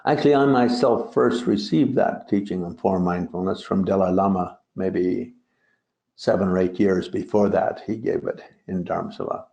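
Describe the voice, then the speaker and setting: A man gives a digressive dharma talk on a translated poem, teaching as a Buddhist teacher and full of joking asides. His voice sits low and sounds creaky and mellow. The audio is a roomy, dull lo-fi recording.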